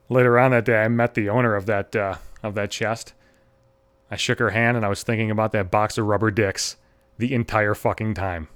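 A man's voice: fairly low pitch, brisk. A man in his thirties telling a long self-deprecating anecdote, swearing constantly and acting out the people in it. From Buffalo area, US. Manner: self-deprecating, heavy swearing, animated acted-out quotes. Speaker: stand-up comedian. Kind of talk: profane anecdotal storytelling.

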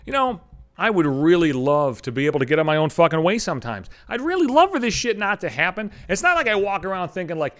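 A man's voice: high-pitched, fast talker. Profane, exasperated male podcast ranter. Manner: profane, exasperated, self-mocking, animated storytelling. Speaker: podcast host. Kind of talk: solo comedic rant.

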